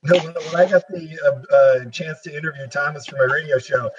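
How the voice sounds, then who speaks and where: Radio guy telling a story fast, teasing, far off mic, dull sound, crowd noise. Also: on the high side, fairly even intonation. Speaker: radio host guest. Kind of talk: casual anecdote.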